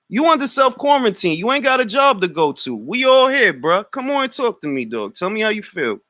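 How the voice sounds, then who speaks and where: A man's voice: sits high, big pitch swings, a little fast, few pauses, sharp tone, no room sound. Brash New York man taunting on a livestream. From Harlem, New York. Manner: brash, mocking trash talk with street slang. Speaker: livestream host.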